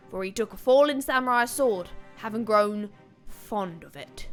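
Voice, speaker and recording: A woman reading aloud a grim male soldier's account of a lost war from a game, in her own voice with halting pauses. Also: mid-range voice, lightly acted.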